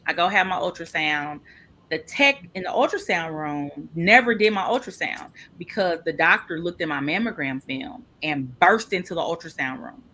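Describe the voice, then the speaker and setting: A woman telling a personal story in an interview, lively and expressive, acting out the people she quotes. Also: moderate pace, slight background noise. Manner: animated, acts out quoted people with big pitch jumps. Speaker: podcast guest.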